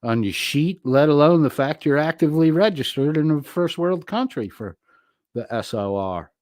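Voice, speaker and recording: A man's voice: on the high side, animated, moderate pace, a little mellow, no echo, clean studio sound. A man hosting a livestream, reading viewer comments aloud and answering them in a crude, mocking, profane way. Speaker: livestream host.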